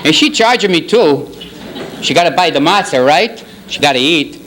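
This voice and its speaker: A man doing a deadpan Italian priest, raised voice. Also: on the high side, moderate pace, poor audio. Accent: put-on Italian. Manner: deadpan, rambling joke delivery, broken English. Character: deadpan Italian parish priest, middle-aged man, sly joker. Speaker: banquet humorist. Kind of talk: stand-up roast at a banquet. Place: banquet hall.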